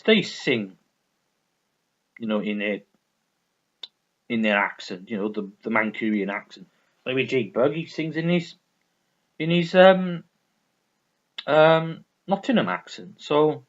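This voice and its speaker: On a dull lo-fi recording, a vinyl-collecting vlogger reviews his records in relaxed chat. His voice sits on the high side and sounds a bit bright, and his enthusiasm comes out as rambling with frequent repetition.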